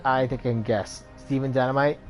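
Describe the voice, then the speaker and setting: A man's voice: medium pitch, steady tone, brisk, faint music behind, lightly acted. Man reading as a suave male street dealer, smug, cool, evasive, game dialogue.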